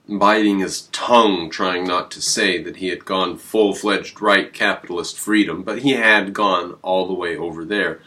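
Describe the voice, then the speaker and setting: A man hosting his own channel, talking in a rambling, emphatic way with sudden jumps in pitch. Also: fairly bright tone. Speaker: channel host. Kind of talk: casual on-camera commentary.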